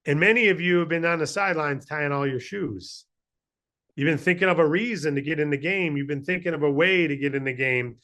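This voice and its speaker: A man running a business training call, speaking in an energetic, persuasive way and telling a fable. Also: on the high side. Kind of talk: motivational training talk with a fable.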